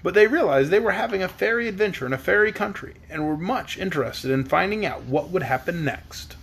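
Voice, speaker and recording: A man's voice: high-pitched, expressive, fairly quick, vocal fry, fairly bright tone, slight background noise. A man reading a storybook aloud at bedtime, acting out the characters with expression. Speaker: reader.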